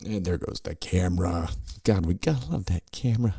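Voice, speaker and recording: Sitting low in pitch, this middle-aged podcast host's voice is animated, fairly quick, dark and slightly rough, with no echo. He swears and rants sarcastically as he comments on political news clips.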